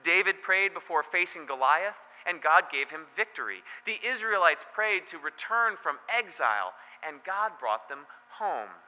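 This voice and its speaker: Pastor guy preaching, chatty storytelling, very bright voice, long echo in a big hall. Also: a little high, sing-song, measured pace, few pauses. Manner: conversational storytelling with joking asides. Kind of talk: sermon. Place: church.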